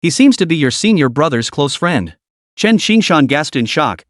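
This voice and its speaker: A man's voice: a little high, big pitch swings, normal speed, no echo, clean studio sound. A man narrating a recap story in a scripted read, voicing all characters in the same plain voice.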